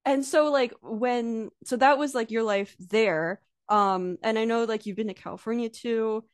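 A woman's voice: a little high, unhurried, no room sound, clean studio sound. An American woman hosting a casual interview, chatty and giggly with lots of filler words. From United States. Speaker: podcast host.

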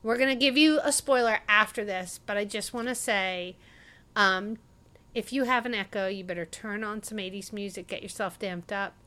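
A woman in her forties co-hosting a casual movie review podcast, chatty and animated, with frequent "like" fillers. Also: mid-range voice, moderate pace. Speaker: podcast co-host.

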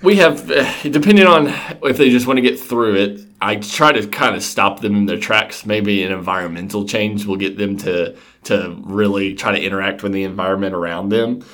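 A man from Georgia co-hosting a tabletop gaming podcast, explaining things plainly in relaxed casual chat and laughing easily. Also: fairly low pitch, moderate pace. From Georgia, USA. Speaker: podcast co-host.

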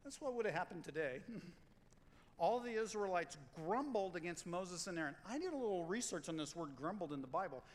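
A man preaching a sermon as pastor, in a conversational, animated way, acting out quotes and stories. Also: high-pitched, normal speed, big-room sound, rough recording.

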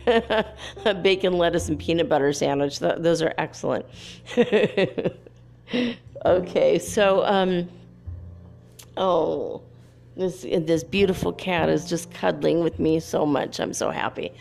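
A woman's voice: on the low side, takes it slowly, gravelly, pauses often, a little mellow, soft background music. A woman giving a casual, chatty spiritual channeling talk, often giggling as she relays messages aloud.

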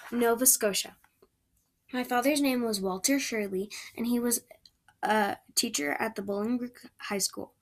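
A woman doing a gushing, dreamy young girl. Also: on the high side. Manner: breathless, gushing, romantic chatter. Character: chatty, dreamy eleven-year-old red-haired girl.

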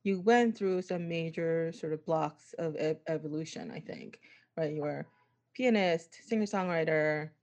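Hesitant woman interviewer, lower voice. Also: unhurried, darkish tone. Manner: hesitant, lots of ums and restarts. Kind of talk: casual interview.

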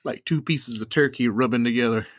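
A man's voice: medium pitch, a little fast, no room sound, clean studio sound. A man playing a tabletop game, chatting casually and joking about his character. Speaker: player.

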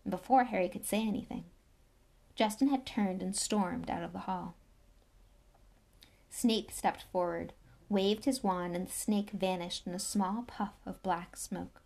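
A woman reads a novel aloud with lively, expressive storytelling. Her delivery is animated and clear, carrying the action along. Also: medium pitch, unhurried. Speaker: reader.

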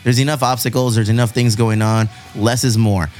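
A man's voice: medium pitch, flat delivery, a little fast, a little mellow, faint music behind. Laid-back Southern Californian man chatting. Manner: laid-back, profane, rambling with restarts. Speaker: podcast host. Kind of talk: casual podcast chat answering listener questions.

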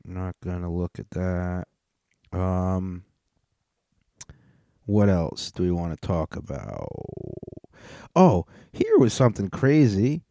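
A man's voice: low-pitched, sing-song, slow pace, pauses often, mellow, dry recording, clean studio sound. A man hosting a podcast, ranting casually and comedically, profanely and in rambling bursts. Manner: profane, rambling, with frequent restarts. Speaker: podcast host.

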